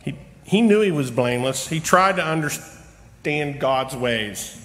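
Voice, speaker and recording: High, bright-voiced man preaching in a church. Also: expressive. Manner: humorous, self-deprecating, with slow emphatic pauses. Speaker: lay preacher. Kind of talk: personal storytelling sermon. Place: church sanctuary. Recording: long reverb of a church hall.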